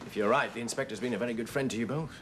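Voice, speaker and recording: Actor playing a guarded wartime escaper. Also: male voice, medium pitch, a little hiss or hum, natural voice. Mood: probing. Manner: quick, questioning, politely probing. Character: wartime British escaper, guarded, probing man.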